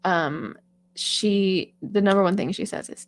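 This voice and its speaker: A woman's voice: medium pitch, a little slow, no echo. A woman singer and vocal coach giving chatty, encouraging advice in a casual talk, with lots of fillers.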